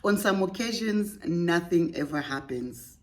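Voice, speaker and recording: A woman's voice: fairly low pitch, expressive, unhurried. A young woman hosting a podcast, reading a listener's story aloud and breaking off with playful, laughing, teasing asides. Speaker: podcast host.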